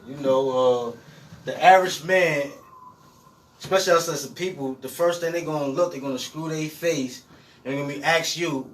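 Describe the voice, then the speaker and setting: Emphatic, somewhat high-voiced man guest. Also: moderate pace, distant mic, a little hiss or hum, low-quality recording. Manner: explaining, repetitive, emphatic. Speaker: podcast guest. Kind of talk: casual podcast chat.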